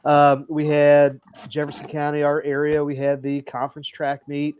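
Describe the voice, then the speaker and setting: A man's voice: on the high side, completely flat delivery, moderate pace, a little mellow, a little hiss or hum. A man hosting a casual sports podcast, rambling with lots of fillers and giggles. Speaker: podcast host and coach. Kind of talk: casual chat.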